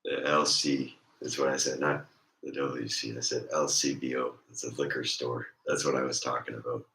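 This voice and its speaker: Very deep, hoarse man. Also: flat delivery, normal speed, sharp tone, echoey room. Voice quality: raspy. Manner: rambling and joking. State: hoarse, congested. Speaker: streamer. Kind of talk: casual chat.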